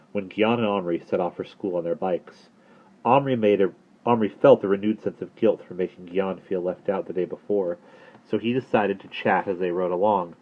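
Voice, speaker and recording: Male reader of a children's novel, very low voice, steady and measured. Thin, phone-like audio. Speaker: narrator. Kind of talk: reading a children's novel aloud. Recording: phone-like narrow sound.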